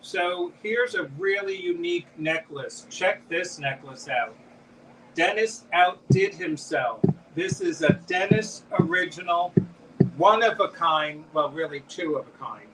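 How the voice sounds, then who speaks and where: A man's voice: high-pitched, sing-song, measured pace, distant mic, heavy background noise. A man hosting a live-stream jewelry auction, chatting as he describes pieces and calls out bids. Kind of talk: live auction selling chat.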